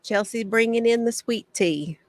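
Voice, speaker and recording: A woman's voice: fairly high pitch, normal speed, dry recording. Chatty woman with a dry, close sound. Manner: chatty, laughs often, drawls out names. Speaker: craft livestream host. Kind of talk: casual livestream chat greeting viewers. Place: home craft shed.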